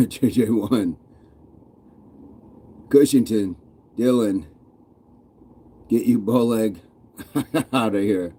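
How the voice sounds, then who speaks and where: A husky, fairly low male voice with a dark tone, drawn-out words and frequent pauses. The speaker, an American fitness channel host, reads viewer comments on his live stream in a casual, playful way, often chuckling.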